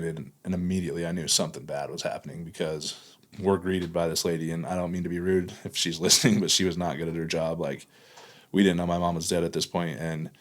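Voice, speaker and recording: A man with a notably low, deep voice speaks candidly as a podcast guest. He tells his story haltingly, relying on fillers and restarting sentences along the way.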